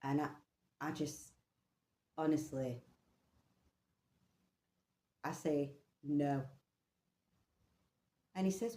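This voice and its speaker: A woman vlogging a personal story, animated and swearing casually. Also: deep voice, slow pace, pauses often, reverberant.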